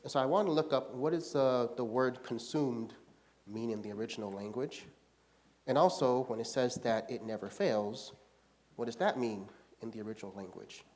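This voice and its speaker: A man's voice: medium pitch, normal speed, darkish tone. A man leads a church Bible study in an easy, conversational way. He explains his points plainly and keeps checking in with the group by asking "right?". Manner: casual, often checks in with "right?".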